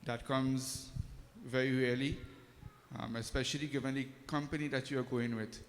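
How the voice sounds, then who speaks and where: Man, pandit, casual friendly address, many fillers, even tone, long hall reverb. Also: medium pitch, normal speed. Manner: hesitant, many ums, friendly. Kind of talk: informal talk at a temple service. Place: temple hall.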